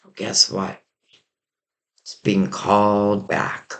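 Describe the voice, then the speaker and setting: This tarot reader talks slowly in a lowish, monotone voice that's a touch bright. His casual reading wanders reflectively, full of fillers, as his voice starts to fail.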